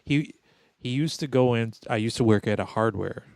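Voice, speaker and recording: A man's voice: mid-range voice, normal speed, creaky, a little mellow, dry recording. Wry thirtysomething guy spinning a goofy story, dry mic, sarcastic. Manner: wry, sarcastic storyteller, mimics people he meets. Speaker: podcast co-host. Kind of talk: casual storytelling chat.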